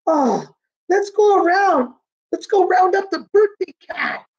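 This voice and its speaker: A woman's voice: very high-pitched, expressive, a little slow, darkish tone, lo-fi sound, voice pushed up, heavily acted. A woman voicing a worried male cat who throws a party, in an anxious storybook reading. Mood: urgent.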